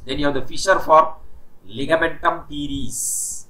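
A man teaching an anatomy lesson with a fairly high, bright and forceful voice. He walks through the material step by step, repeating key terms and pausing on "okay" before moving on. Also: steady tone, low-quality recording. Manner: explanatory, repeats key terms, stops and restarts, says "okay" often. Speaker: anatomy lecturer. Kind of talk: recorded medical lecture.

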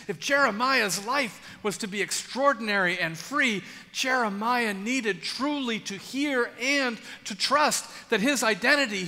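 A man preaching a sermon in a large church, earnest and intimate, with dramatic pauses. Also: extremely high pitch, sharp tone. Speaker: pastor. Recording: long church reverb.

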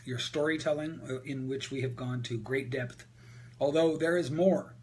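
A man coaching an audience on a group call, answering their questions about voice and speaking in a candid, energetic way with frequent fillers. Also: mid-range voice, moderate pace, a little hiss or hum. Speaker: voice and presentation coach. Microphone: video call.

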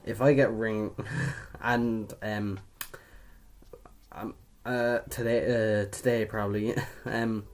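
A man's voice: on the low side, measured pace, darkish tone. A young man from Ireland doing casual quiz commentary, chatty, swearing casually and laughing at his own jokes. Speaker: video creator.

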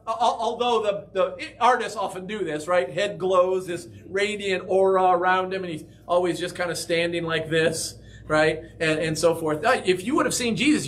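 A man's voice: high voice, a bit bright. A man preaching a conversational sermon as pastor in a church, often asking the congregation questions.

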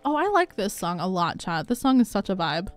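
A young woman hosting a relaxed gaming livestream, chatting upbeat and giggly with her viewers and reading their messages. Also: mid-range voice, fairly quick. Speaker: livestream host. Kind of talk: casual chat while gaming, reading chat. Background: faint background music.

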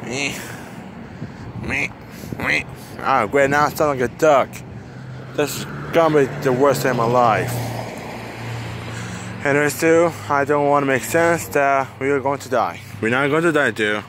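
A man's voice: medium pitch, a little slow, long pauses, lightly acted. A man playing Donald Duck, a hot-tempered cartoon duck, in an amateur fan film, rambling and swearing outdoors by a street. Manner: rambling, swearing, easily startled. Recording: outdoor traffic noise.

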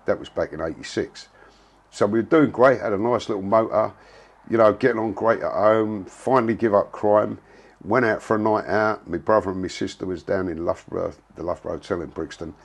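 A man's voice: on the low side, a little fast, vocal fry. A man, telling a story in a blunt, casual way, full of slang and swearing. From England. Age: 60s. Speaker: interviewee.

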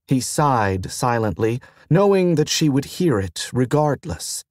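Slow, expressive male audiobook narrator. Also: medium pitch, dry recording, studio quality.

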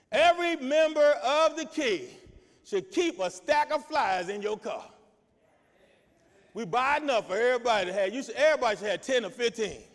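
High-voiced shouting preacher man. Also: long reverb tail. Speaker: pastor. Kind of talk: lively sermon with call and response.

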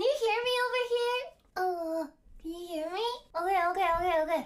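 A woman's voice: very high-pitched, a little fast. A young woman streaming from her apartment by an open window, flustered, giggling and swearing as she chats. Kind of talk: casual livestream chat. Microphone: headset mic.

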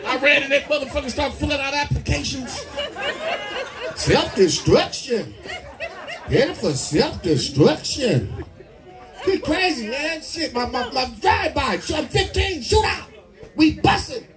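Rowdy high-voiced comedian in his forties. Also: sing-song, measured pace, music in the background. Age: 40s. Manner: crude, rowdy storytelling with loud character bits. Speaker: stand-up comedian. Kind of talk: stand-up comedy set. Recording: live club mic, distant with crowd noise.

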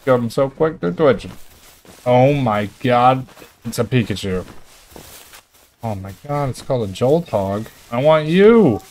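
A man's voice: mid-range voice, unhurried, pauses often, darkish tone. A man giving live commentary while playing a video game, calling out to his creatures and yelping when enemies chase him. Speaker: gamer.

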